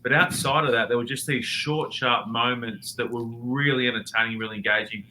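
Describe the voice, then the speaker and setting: A man's voice: medium pitch, a little fast, a little hiss or hum, low-quality recording. A man, a rugby commentator guesting on a podcast, talking bluntly and animatedly over a remote call. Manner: animated, blunt, swears casually. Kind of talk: casual podcast chat.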